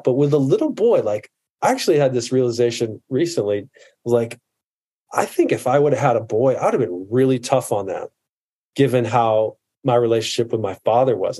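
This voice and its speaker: A man's voice: mid-range voice, dark tone, breathy edge. A man in his forties talking earnestly as a coach in a casual podcast conversation, often stopping and restarting his sentences. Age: 40s.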